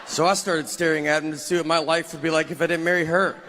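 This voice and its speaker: A man in his forties with a Southern US accent telling stand-up stories in a deadpan style. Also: a little high, fast talker. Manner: deadpan storytelling. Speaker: stand-up comedian. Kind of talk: stand-up set. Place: comedy stage. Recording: noisy live venue recording. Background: audience laughter.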